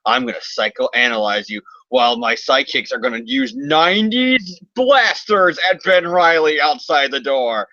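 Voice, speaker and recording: A man's voice: mid-range voice, expressive, moderate pace, hardly any pauses, pushed and bright, no room sound, dull audio. A man voicing a smug scheming male villain who plays mind games.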